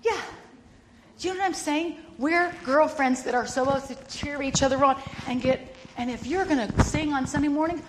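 An older woman co-hosting a Christian talk show, telling stories in a loud, animated way and laughing often. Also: sits high, moderate pace, background noise. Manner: loud and bossy by her own account. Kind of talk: casual faith-based chat.

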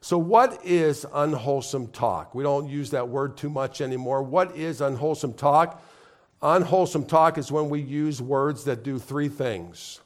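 A man's voice: fairly high pitch, unhurried. Man preaching with call-and-response. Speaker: pastor. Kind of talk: sermon. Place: congregation in a room.

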